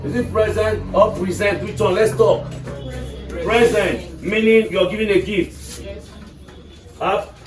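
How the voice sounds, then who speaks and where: Nigerian male teacher, fairly high voice, heard from across an echoey classroom; drills students with questions. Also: fairly even intonation, a little slow, pauses often, music in the background. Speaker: English teacher. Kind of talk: classroom lesson. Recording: echoey classroom, mic far off, faint noise.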